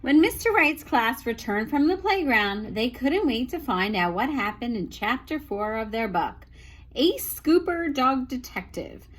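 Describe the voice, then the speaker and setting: A woman teacher reading a picture book aloud to children, with expressive storytelling and small asides. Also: on the high side, measured pace.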